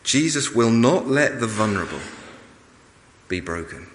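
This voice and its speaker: A man preaching a sermon in a measured, emphatic way, pausing and restarting as he explains a passage. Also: mid-range voice, sing-song, slight background noise. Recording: long reverb of a large hall.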